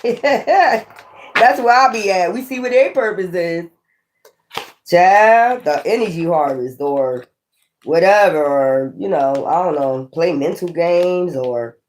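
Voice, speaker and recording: A woman's voice: fairly low pitch, a little mellow, a little hiss or hum. A woman giving a casual tarot reading in a blunt, profane, scolding way, full of rambling sassy asides. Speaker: tarot reader.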